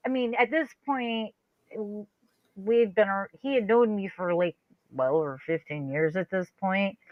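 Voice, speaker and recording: A woman chatting casually on a stream, spinning a story with plenty of energy. Her voice leaps up high when she acts out what others said, and it sits close and dry with a slightly muffled sound. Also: a little slow, no echo. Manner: animated, acts out quoted voices with sudden high pitch. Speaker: co-host.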